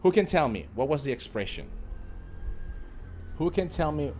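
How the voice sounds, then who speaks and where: A man's voice: on the high side, sing-song, normal speed, darkish tone, soft background music. A man teaching a live online English lesson, talking straight to his viewers and drilling phrases by repeating them. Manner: addresses viewers directly as a group.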